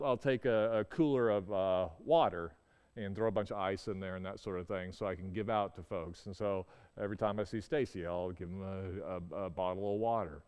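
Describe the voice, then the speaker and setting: Male storyteller, resonant voice, halting delivery full of restarts, recorded with a long reverb tail. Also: on the low side, clean tone. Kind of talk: personal storytelling.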